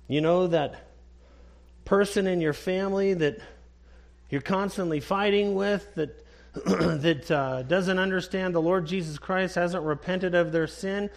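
A man preaching a sermon, emphatic and repetitive, clearing his throat now and then. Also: high-pitched. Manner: emphatic, slow preaching with repeated phrases. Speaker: pastor.

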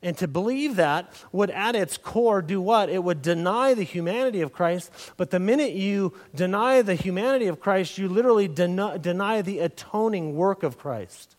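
A high-voiced man preaching with emphatic, drawn-out stresses on key words. His sermon rings through a hall with a long reverb tail. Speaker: pastor.

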